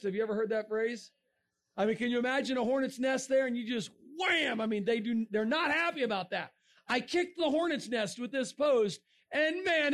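A man preaching to a young crowd with lots of energy, swinging from quiet asides to sudden shouts. His voice sits high for a man. He tells stories with a dramatic, playful flair. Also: normal speed. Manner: energetic, dramatic, bursts into shouts and sound effects. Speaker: speaker addressing young people. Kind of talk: animated sermon talk.

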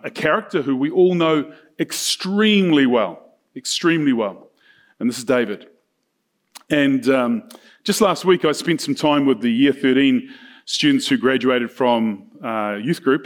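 A man preaching a sermon, telling a story casually and slipping into quick voices for the characters. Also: medium pitch. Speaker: pastor.

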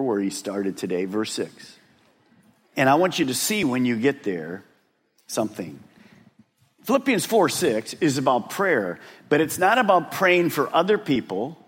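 A man preaching a sermon and talking straight to his congregation. He is animated and drops to a hush for emphasis. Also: mid-range voice, breathy edge. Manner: addresses the congregation directly. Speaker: pastor. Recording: long reverb of a large hall.

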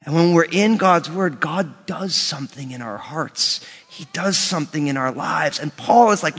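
A man preaching a sermon as pastor, animated and acting out quoted voices. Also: fairly high pitch, moderate pace, few pauses, husky. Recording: long church reverb.

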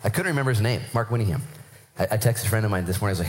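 A man's voice: on the low side, expressive, racing, a little hiss or hum. A man preaching a sermon to his church, acting out voices of Bible figures as he goes. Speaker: pastor.

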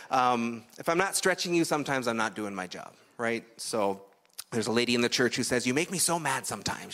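A man's voice: medium pitch, a bit bright. A man from Canada preaching a sermon in a conversational, explanatory way, often checking in with "right?". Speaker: pastor.

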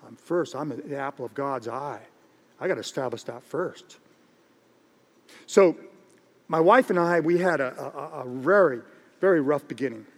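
A middle-aged man, a pastor, preaching a sermon in an animated, joking way and repeating phrases for emphasis. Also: a little high, normal speed, pauses often. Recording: long reverb of a large hall.

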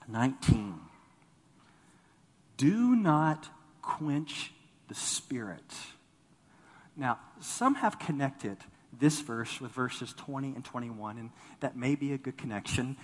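A male pastor preaching a sermon, rising to loud bursts and dropping low, often repeating words as he starts a thought. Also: slightly rough, long reverb tail. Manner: animated preaching, voice swelling then dropping low.

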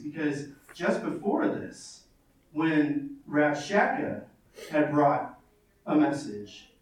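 A man preaching an earnest sermon, stopping to read scripture aloud and repeating phrases for weight. His voice sits fairly high. He is heard from some distance in a strongly echoing room. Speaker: pastor. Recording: very echoey, from far off.

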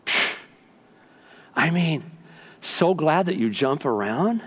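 A man preaching a sermon as pastor, telling stories and acting out quotes with lively swings in his voice. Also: a little high, takes it slowly, breathy edge. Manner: animated storytelling with acted-out quotes. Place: church sanctuary.

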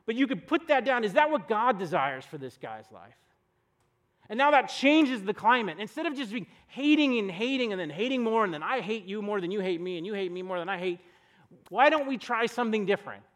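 Recorded for a church podcast, a young adult pastor delivers his sermon like a conversation, full of stories and rhetorical questions. His high voice is animated, fairly quick and a bit bright.

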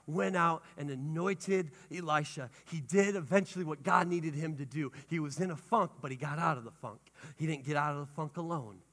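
A male pastor preaching a sermon with lively energy, rising to shouts and dropping to hushed tones. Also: fairly high pitch. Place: church sanctuary. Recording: long hall reverb.

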